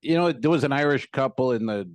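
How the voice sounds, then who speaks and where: A man's voice: mid-range voice, fast talker, no echo. Rambling, swearing stand-up comic man. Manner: rambling storyteller, swearing freely. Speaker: podcast co-host and stand-up comic. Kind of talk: casual comedy podcast banter.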